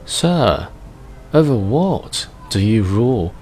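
A shy, tired little prince from a storybook, voiced by a man. He speaks softly and hesitantly in a raised, gentle voice. Faint music plays behind him. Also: fairly low pitch, sing-song, slow pace. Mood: curious. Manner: soft and hesitant.

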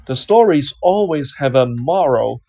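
A reader narrating a children's storybook and its learning exercises slowly and carefully. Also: mid-range voice, animated, dark tone, husky, low-quality recording. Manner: slow, careful reading for learners.

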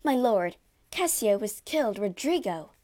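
An outspoken maidservant from a storybook, loyal and fierce, with a blunt, indignant way of speaking, voiced by a woman reader. She speaks slowly and firmly. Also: medium pitch, big pitch swings, a little mellow. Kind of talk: storybook reading.

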